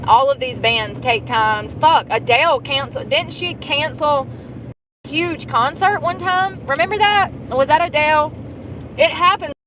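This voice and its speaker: A woman's voice: sits high, a little slow, background noise. A woman chatting casually while driving, profane and laughing often. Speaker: vlogger. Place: car.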